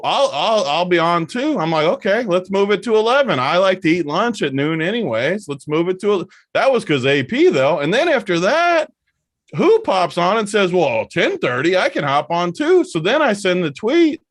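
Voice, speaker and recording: A man's voice: high voice, very animated, moderate pace, no echo, clean studio sound. A man co-hosting a casual sports podcast, telling stories with mock exasperation.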